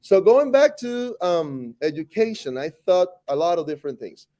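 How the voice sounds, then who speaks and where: A man's voice: sits high, moderate pace. A man in his forties from Costa Rica with a Costa Rican Spanish accent, a native Spanish speaker and teacher, talking in a casual interview, joking and often restarting his sentences. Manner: animated, joking, frequent restarts.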